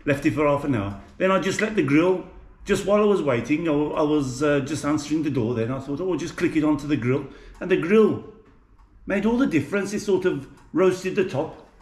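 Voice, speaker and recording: A little mellow and fairly high in pitch, this man's voice moves along fairly quickly as he cooks at home and chats to his audience. He's a vlogger from Birmingham, England, making a casual cooking video and happily mocking himself. The kitchen echoes and there's faint clatter.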